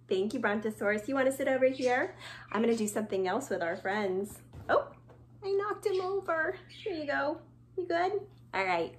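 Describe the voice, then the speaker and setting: A young woman teaching small children in a slow, sing-song, playful way, with exaggerated hellos. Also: high-pitched, big pitch swings, a bit bright. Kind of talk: children's video lesson.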